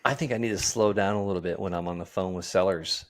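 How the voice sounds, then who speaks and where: A man hosting a podcast, energetic and joking, ending with a salesy call to action. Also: low-pitched, fast. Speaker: podcast host. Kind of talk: casual interview and sign-off pitch. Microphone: portable setup.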